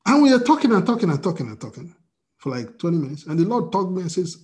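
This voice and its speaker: A man preaching a sermon as pastor, telling a personal story with acted-out dialogue and swings from loud to quiet. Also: sits high, very animated, quick pace, husky. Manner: storytelling with quoted dialogue, wide swings in loudness. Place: church service via video call.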